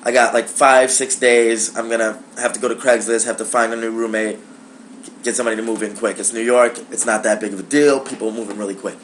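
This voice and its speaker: A young man telling a personal story to camera in a casual, profane, animated way, acting out the dialogue. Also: mid-range voice, fast talker, slight background noise.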